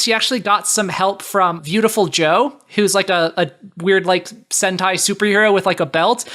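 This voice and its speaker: A woman on a comedy podcast panel, pitching her case chattily with lots of "like" fillers and giggles. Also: a bit bright.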